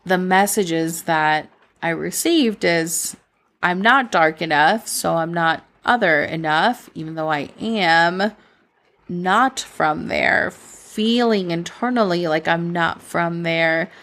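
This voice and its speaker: Born in Colombia but raised in Minnesota, this young podcast host speaks with a Midwestern American accent in a fairly low, slightly bright voice. She goes slowly. Her solo show is candid, rambling and reflective, with frequent "like" fillers and moments where she laughs at herself.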